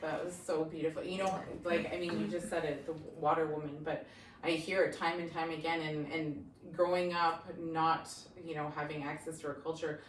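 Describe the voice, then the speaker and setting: A woman's voice: sits low, flat delivery, moderate pace, a little hiss or hum. A woman moderating a group talk, affirming the others with many small sounds of agreement. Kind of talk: warm group conversation. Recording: roomy sound from a distant mic.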